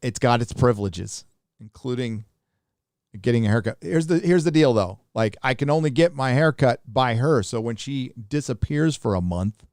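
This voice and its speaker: A man's voice: medium pitch, expressive, moderate pace, darkish tone, no echo, studio quality. A middle-aged man from Southern California hosting a casual livestream, reading viewer donations aloud in a rambling, laid-back way with lots of fillers.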